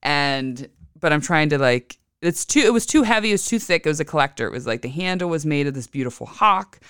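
A woman hosting an astrology podcast from home, telling a personal story casually and animatedly, acting out other people's lines with big jumps in pitch. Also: lively intonation, brisk, fairly bright tone, clear, resonant tone, no echo, clean studio sound.

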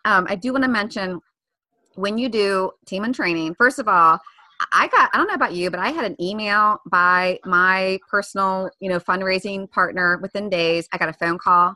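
A woman's voice: mid-range voice, moderate pace, pushed and bright, dry recording. A woman from Maryland with a Maryland accent, co-hosting a running podcast in casual chat, talkative and jumping between topics. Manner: chatty, hops between topics, apologizes often. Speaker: podcast co-host.

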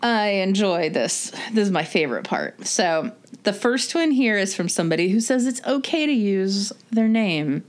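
A woman co-hosting a podcast, reading listener letters in a relaxed, chatty way. She giggles easily and laughs through her lines, with a natural voice at an ordinary pitch. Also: moderate pace.

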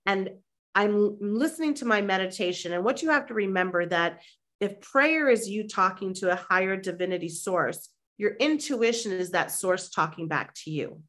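A woman, a mindset and manifestation coach, telling a lively personal story as a podcast guest and acting out the people in it. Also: mid-range voice, normal speed. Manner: animated, acts out quoted voices; conversational with fillers like "like". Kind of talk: anecdotal storytelling in an interview.

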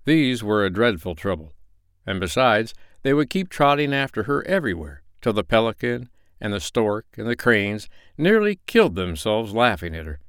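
A man reading a children's animal story aloud in a lively, expressive way. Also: on the low side, normal speed, clear, resonant tone, no room sound, studio quality. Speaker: narrator.

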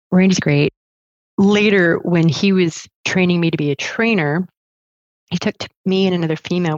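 Chatty middle-aged woman guest, low fry-laden voice, lively anecdotes. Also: no echo. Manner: animated, chatty, laughs often. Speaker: guest, chainsaw trainer. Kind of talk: casual storytelling interview. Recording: dull lo-fi dry sound.

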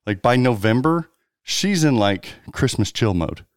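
A man's voice: mid-range voice, sing-song, unhurried, no room sound, studio quality. A man co-hosting a podcast, joking and teasing his co-host in casual chat. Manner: teasing, jokey banter.

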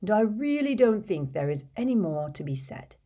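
A woman voicing an old, wise male headmaster who speaks slowly, gently and patiently. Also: mid-range voice, sing-song, voice pushed up. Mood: calm weary. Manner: slow, measured and gentle.

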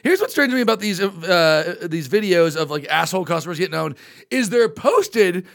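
Podcast host, male, very high voice with gravel in it; rambling, animated storyteller. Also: moderate pace. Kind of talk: casual chat.

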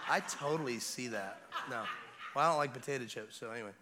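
A young man preaching at a revival service, telling a story about his baby daughter and swinging from hushed asides to impassioned near-shouting. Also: medium pitch, fast, noisy background. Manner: animated, building from hushed to shouting. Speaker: guest preacher.

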